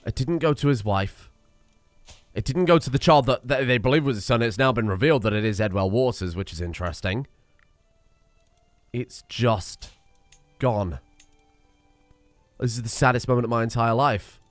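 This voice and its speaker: A young man talks through his strategy game as he plays, muttering to himself and swearing as things go wrong. His voice sits at an ordinary middle pitch. The recording is close and dry, with no room sound around him. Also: normal speed, pauses often, dry recording, soft background music. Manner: talks to himself while playing, swearing and exasperated. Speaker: let's play streamer. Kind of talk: live gameplay commentary.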